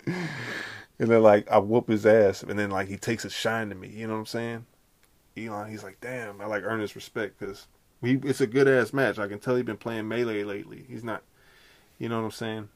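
Gravelly man rambling on a comedy podcast. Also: lowish voice, fairly even intonation, normal speed. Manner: rambling, slangy, jokey storytelling. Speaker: podcast host. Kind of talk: casual comedic podcast chat.

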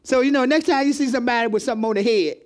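High-voiced pastor talking with his church. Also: racing. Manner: conversational, calls on the congregation, repeats words. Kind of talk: interactive sermon teaching. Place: church hall with congregation.

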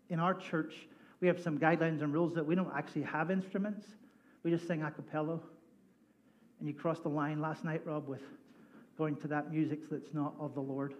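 A male pastor with a fairly high voice preaches a lively sermon. He tells stories with humor and slips into voices for the people in them. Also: lo-fi sound. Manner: animated, jokey, acts out voices in his stories. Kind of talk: sermon with storytelling. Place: church sanctuary.

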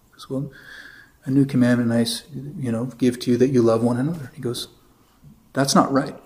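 A man's voice: mid-range voice, fairly even intonation, brisk, dark tone. A man with an American accent, a priest teaching a catechism class in a conversational lecture style, telling anecdotes and reading passages aloud. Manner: conversational, tells anecdotes with quoted voices, reads passages aloud.

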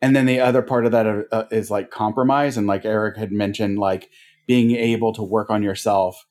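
A man's voice: fairly low pitch, steady tone, fairly quick, darkish tone. A man co-hosting a casual podcast chat, rambling with many fillers and laughing easily. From family ties to North Dakota. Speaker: podcast co-host.

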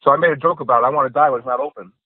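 A man's voice: mid-range voice, rapid-fire, slightly rough, no echo. A man, a stand-up comedian, telling jokes in a casual podcast chat and acting out the characters in them. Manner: animated storyteller acting out joke characters. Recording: tinny phone-like line.

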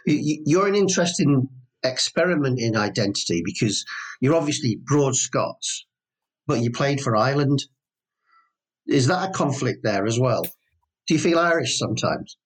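A man's voice: medium pitch, expressive, normal speed, slightly rough. A man interviewing a guest, asking questions with hesitant, stammered starts. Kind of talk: conversational interview.

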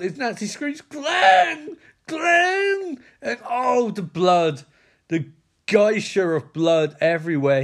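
Sarcastic, swearing man recapping a film. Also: fairly high pitch. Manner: sarcastic, profane, incredulous. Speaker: movie recap commentator. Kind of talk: comedic movie recap.

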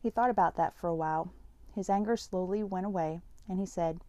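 A woman's voice: mid-range voice, fairly quick, warm tone, lo-fi sound. A woman reading a first-person story aloud in a plain, conversational way.

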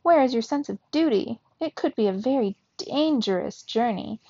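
A high, squeaky young female mouse chatters and insists on getting her way, voiced by a woman reading a storybook. Her voice has a gravelly edge. The recording is dull and dry. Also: lively intonation, normal speed, warm tone, no echo. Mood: coaxing. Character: bossy excitable young female mouse, sister. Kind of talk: storybook read-aloud.

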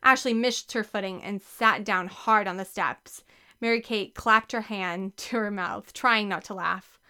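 Bright, clear woman reading aloud. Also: medium pitch, measured pace. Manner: lively, expressive reading. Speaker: audiobook narrator. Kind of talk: scripted narration.

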